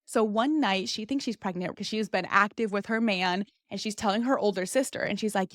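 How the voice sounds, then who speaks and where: A woman's voice: mid-range voice, a little fast, hardly any pauses, fairly bright tone, dry recording, clean studio sound. A young woman hosting a podcast, talking in a candid, chatty monologue full of "like". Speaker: podcast host.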